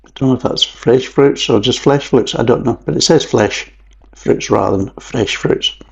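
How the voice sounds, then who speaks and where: A man's voice: medium pitch, normal speed, creaky, highs cut off. Rambling Scottish man reviewing beer. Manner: rambling, chatty, with jokey asides. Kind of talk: casual vlog review. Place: at home at a table.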